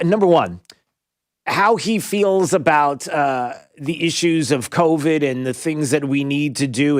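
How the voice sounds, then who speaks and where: A man hosting a talk radio show, giving an emphatic opinion monologue that rises to near-yelling when he gets riled. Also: fairly high pitch, dry recording, clean studio sound.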